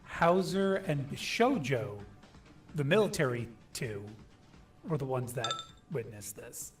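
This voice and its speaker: A man narrating as game master in a casual, halting way with many fillers. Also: medium pitch, animated, faint music behind.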